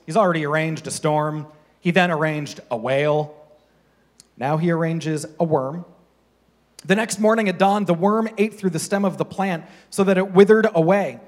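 An animated man preaching to a congregation, his voice sitting a little high. He swings between lively, playful storytelling and quieter, earnest points. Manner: animated, mocking voices for the characters. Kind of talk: sermon.

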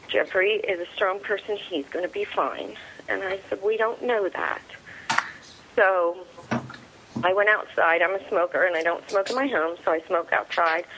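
A middle-aged woman being interviewed, telling a personal story in a halting way and retelling dialogue with many fillers. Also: medium pitch, a bit bright, a little hiss or hum, poor audio. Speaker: interview guest, soldier's mother.

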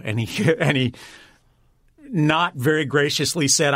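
A man's voice: on the high side, a little slow, a bit bright, no echo, studio quality. A man being interviewed, telling stories in a chatty way, laughing often and restarting his sentences. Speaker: guest, director and writer. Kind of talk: casual storytelling interview.

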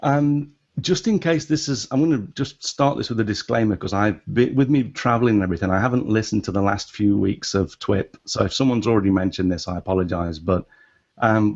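A man with a non-American English accent talks through his point on a podcast, restarting often and rising in pitch when he gets animated. His voice sits low, and the audio is dull and lo-fi. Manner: animated, halting with many restarts. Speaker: podcast guest. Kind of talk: casual podcast discussion.

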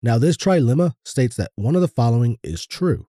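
Casual male podcast co-host, deep dark timbre, laid-back delivery with loose swearing. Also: expressive, brisk, no room sound, clean studio sound.

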